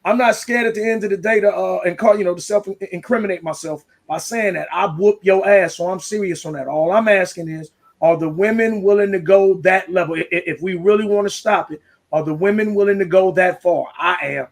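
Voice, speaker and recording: A man's voice: sits high, a little fast, gravelly. A man speaking as a panel guest, blunt and emphatic, cursing and repeating himself. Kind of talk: heated panel talk.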